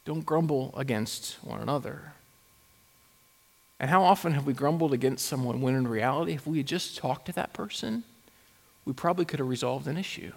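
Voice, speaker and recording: A pastor preaching a sermon in a conversational way, with rhetorical questions and wry asides. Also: male voice, mid-range voice, a little fast, vocal fry. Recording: long hall reverb.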